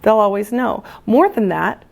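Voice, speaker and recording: A woman, a music teacher, giving a lively storytelling lesson to other teachers and acting out how children react. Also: medium pitch, a little slow, vocal fry. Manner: animated, playful, acts out children's reactions.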